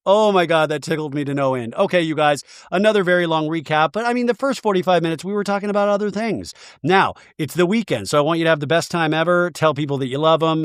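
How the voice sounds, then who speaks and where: A man hosting a podcast, recapping in a gossipy, animated style with quick asides. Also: on the high side, smooth, dry recording, clean studio sound. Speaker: podcast host. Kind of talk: casual comedic recap.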